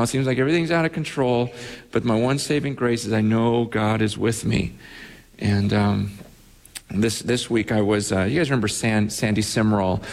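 A man, a pastor, giving a sermon, telling a story with many restarts and animated asides. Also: on the high side, big-room sound.

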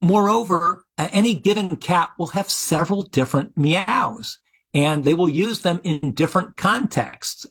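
A man's voice: fairly high pitch, a bit bright, husky. A middle-aged man, a biology professor, giving interview answers in an explanatory way with frequent restarts.

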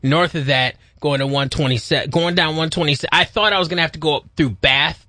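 A man's voice: on the high side, quick pace, pushed and bright, no room sound. A man co-hosting a morning radio show in casual chat, joking at himself and tripping over his words from a studio mic. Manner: chatty, self-mocking, stumbles over words. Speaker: radio co-host. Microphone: close studio mic.

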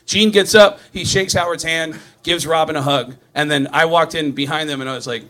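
Animated male comedian telling a story. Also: a little high, brisk, hardly any pauses. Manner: animated, swearing, laughing through lines. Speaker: stand-up comedian. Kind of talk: comic storytelling. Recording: live show with audience crowd.

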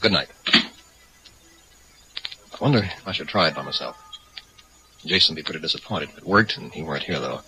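A man's voice: a bass voice, lively intonation, fairly quick, long pauses, sharp tone, a little hiss or hum, full character voice, poor audio. An actor playing a nervous young man caught up in a ritual in a radio drama, hesitant and uneasy, often talking to himself. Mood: musing.

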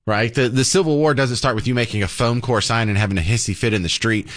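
A man's voice: medium pitch, fast, fairly bright tone. A man hosting a talk radio show, delivering a sarcastic, mocking monologue.

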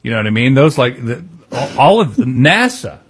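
A man's voice: medium pitch, sing-song, moderate pace, a little hiss or hum. A man co-hosting a talk radio show, casual and hesitant, with many fillers.

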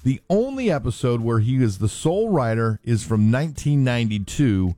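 Lively-voiced morning radio host. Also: male voice, mid-range voice, normal speed, dry recording. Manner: chatty, self-correcting on pronunciations. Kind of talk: casual radio banter. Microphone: studio microphone.

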